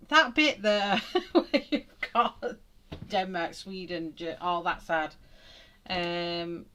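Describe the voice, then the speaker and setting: A woman's voice: on the low side, a bit bright. A woman hosting a live colouring stream from home, chatting casually and reading out viewer comments between strokes. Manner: chatty, laughs often, reads out viewer comments. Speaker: coloring livestream host. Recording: noisy home recording with pencil clicks.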